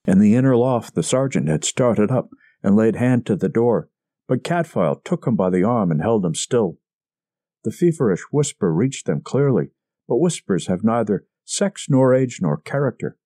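Man narrating with a lively, mellow voice. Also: on the low side, normal speed, no room sound. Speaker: audiobook reader. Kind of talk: scripted narration of a mystery story.

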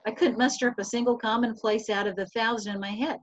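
A fairly high-voiced woman teacher reads a novel passage aloud over a video call, stumbling now and then and correcting herself. The sound is dry and somewhat dull, like lo-fi call audio. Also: fast talker, hardly any pauses, no echo. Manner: steady reading with small slips and restarts.

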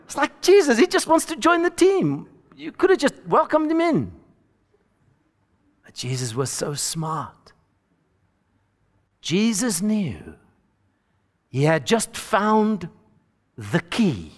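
A man's voice: high-pitched, big pitch swings, slow pace, long pauses. A man preaching a sermon as a storyteller, acting out the voices of the people in the story. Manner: storytelling preacher, acts out voices of the disciples and Jesus. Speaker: pastor. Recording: long hall reverb.

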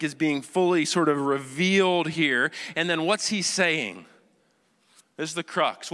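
A man's voice: fairly high pitch, sharp tone, big-room sound. A male pastor preaching a sermon, emphatic, often asking the congregation rhetorical questions. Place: church sanctuary.

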